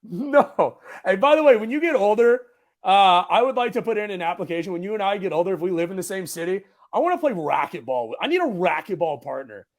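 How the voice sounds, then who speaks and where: A young man with a high, light voice, chatting casually as a podcast host. He is laid-back and jokey, dropping "bro" and "like" through his talk. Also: lively intonation, fairly quick. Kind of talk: casual chat.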